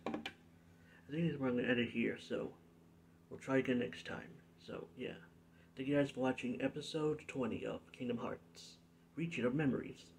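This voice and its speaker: A man's voice: mid-range voice, fairly even intonation, moderate pace, gravelly, noisy background. A young man hosting a gaming playthrough, casually signing off and flubbing playful intro retakes. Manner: playful, laughs at his own flubbed intro takes. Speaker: gaming channel host. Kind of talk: casual let's-play outro and blooper takes.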